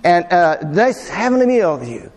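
A man preaching a sermon in a relaxed, conversational way, often putting questions to his congregation. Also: high-pitched, moderate pace. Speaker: pastor. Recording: long reverb of a hall.

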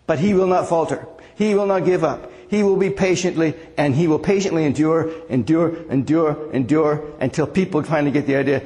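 A male pastor delivering a sermon in an easy, conversational way, often turning to his listeners with questions. His voice sits a little high for a man. The sound carries a long reverb, as in a church hall. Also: moderate pace, warm tone. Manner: conversational, asks the congregation questions.

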